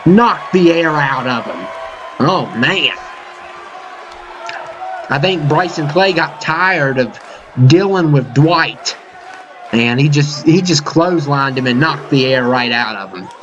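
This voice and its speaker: A man with a fairly high voice calls the action of a wrestling video game in an excitable, rambling way, dropping fillers and sudden "uh-oh"s. The recording is dull and lo-fi. A loud game crowd roars behind him over steady noise. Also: slow, pauses often. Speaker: play-by-play commentator for a video game wrestling show. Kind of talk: casual wrestling commentary over gameplay. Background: video game arena crowd noise.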